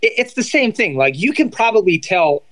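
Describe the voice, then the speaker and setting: A man in his thirties, a guest on a chat show, telling casual stories in an animated way, full of fillers and acted-out quotes. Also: sits high, moderate pace, low-quality recording. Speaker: podcast guest, former reality dating show contestant.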